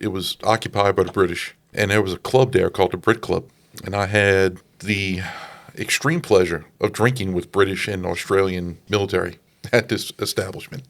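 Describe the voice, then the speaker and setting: A man with a New Orleans accent speaks in a fairly low voice. He tells anecdotes on a casual film podcast and laughs often as he talks. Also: vocal fry. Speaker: podcast co-host.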